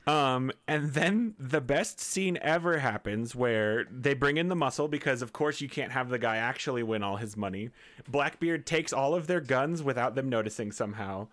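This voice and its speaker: A man's voice: mid-range voice, lively intonation, moderate pace, fairly bright tone. A man casually recapping a film's plot for his co-hosts, rambling and laughing as he goes. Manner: rambling, laughs while retelling scenes. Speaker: podcast co-host recapping a film. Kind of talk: casual chat.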